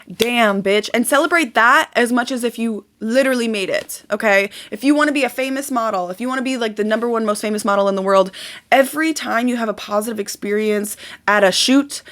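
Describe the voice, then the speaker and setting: A young adult woman giving a casual motivational talk about manifestation, swearing freely and acting out excited quotes. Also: fairly high pitch. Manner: animated, swearing, acts out quotes in excited bursts. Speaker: manifestation vlogger.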